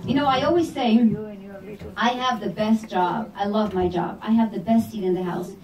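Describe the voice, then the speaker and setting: A woman's voice: mid-range voice, moderate pace, crowd noise. Middle-aged woman speaking in an echoey hall. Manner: animated storytelling, acting out family dialogue. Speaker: judge. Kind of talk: speech to a religious gathering. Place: community hall of a religious center. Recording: roomy hall, voice from far off the mic.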